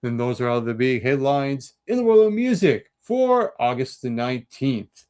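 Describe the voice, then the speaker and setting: A man hosting his own show, reading through an on-this-day list of past events with quick asides. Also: mid-range voice, big pitch swings, a little mellow, clean tone. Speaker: host.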